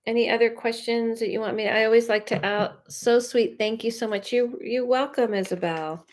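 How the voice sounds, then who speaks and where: A woman's voice: on the high side, steady tone, moderate pace. Chatty woman medium on a livestream. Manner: chatty, rambling, talks directly to viewers. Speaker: psychic medium. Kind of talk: casual livestream chat and readings.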